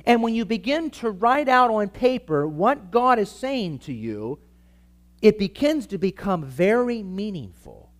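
A man's voice: sits high, big pitch swings, unhurried. A man preaching to a live church audience in an emphatic teaching style, asking the listeners for amens. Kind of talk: sermon-style teaching talk.

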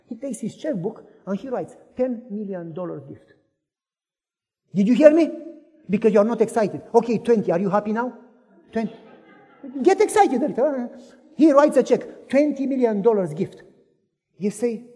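A man with a very high, husky voice preaches a sermon, acting out little scenes in different voices and asking the crowd questions. His pitch swings in a lively way. The sound carries the long reverb of a large hall. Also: normal speed, long pauses. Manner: animated, acts out dialogue in voices, asks audience questions.

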